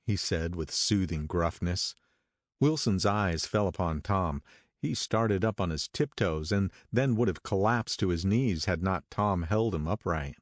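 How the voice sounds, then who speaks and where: Man, audiobook narrator, measured reading, very deep voice, dry sound. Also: no echo. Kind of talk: scripted first-person narration.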